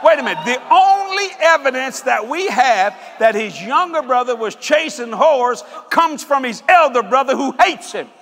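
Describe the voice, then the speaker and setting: High, bright-voiced joking preacher. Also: male voice, normal speed, few pauses, in a large hall, slight background noise. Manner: animated, joking, breaking into shouts. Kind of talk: sermon.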